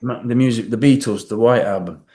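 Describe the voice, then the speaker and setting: Lively man telling stories. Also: mid-range voice, a little fast. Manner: animated storyteller, acts out quotes with swearing. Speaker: guest actor. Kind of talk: casual interview chat.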